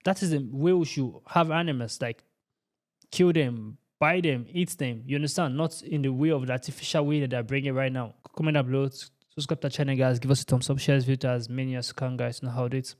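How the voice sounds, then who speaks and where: A man's voice: mid-range voice, steady tone, quick pace. A man hosting a reaction channel, giving emphatic, repetitive ranting commentary. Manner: emphatic and repetitive, asks "you understand?".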